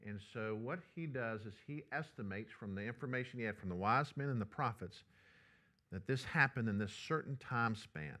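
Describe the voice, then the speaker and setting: A male pastor, preaching a sermon and telling a personal story in a lively, conversational way. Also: medium pitch, normal speed.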